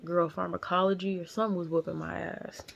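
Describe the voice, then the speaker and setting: Gravelly young woman telling a story. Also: lowish voice, brisk, muffled recording, slight background noise. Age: young adult. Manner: blunt, profane, animated. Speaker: vlogger. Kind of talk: casual storytelling. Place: in a car.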